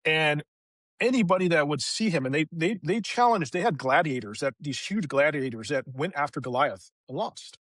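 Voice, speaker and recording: A man sharing personal stories as a podcast guest in a casual, animated way, acting out the people he quotes. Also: on the high side, moderate pace, no room sound. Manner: animated, acts out quoted voices in retelling. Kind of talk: casual conversational storytelling.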